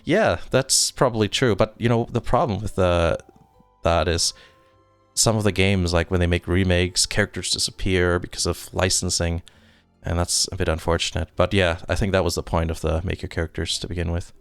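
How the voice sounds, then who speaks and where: A native German speaker from Germany hosts a casual live stream, reading viewer comments and wandering off on tangents with easy chuckles. His low voice sounds smooth and clear on a dry desk mic. Faint music plays underneath. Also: fairly even intonation, moderate pace, no echo. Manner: rambling and self-deprecating, with frequent chuckles. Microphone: desk microphone.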